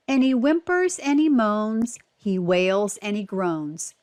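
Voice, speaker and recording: A woman reading a picture book aloud for children, slow and clear, stopping to ask simple questions. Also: medium pitch, big pitch swings, a little mellow.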